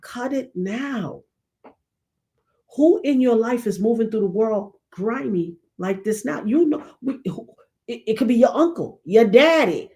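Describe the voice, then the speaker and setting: Animated woman preaching to her audience. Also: a little high, normal speed. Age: middle-aged. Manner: animated preacherly, acts out quotes. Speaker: show host. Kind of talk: casual commentary monologue.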